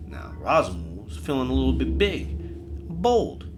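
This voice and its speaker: A man's voice: medium pitch, big pitch swings, moderate pace, background noise. A man hosting a podcast, telling a comedic horror story in a rambling, profane way and talking to listeners directly. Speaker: podcast host.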